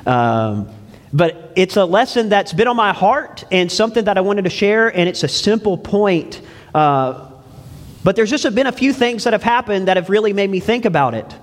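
High-pitched preacher guy telling stories to his church, lots of reverb. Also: lively intonation, normal speed. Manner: folksy storytelling, asks the congregation. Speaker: pastor. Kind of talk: sermon.

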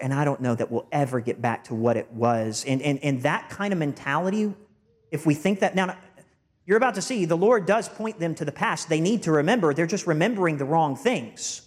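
A pastor preaching a sermon in an earnest, emphatic way, with stumbling repeated words. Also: male voice, on the high side, brisk.

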